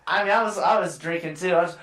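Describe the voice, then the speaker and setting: Guy swearing his way through a story, highish voice, kinda far from the mic in an echoey room. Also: fast, noisy background. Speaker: podcast host. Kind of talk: casual storytelling chat.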